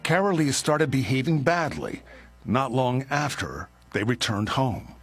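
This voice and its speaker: A man narrates a televised news feature in a grave and measured way. His intonation moves expressively, and music plays clearly beneath the report. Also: mid-range voice, animated, fairly bright tone. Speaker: television correspondent.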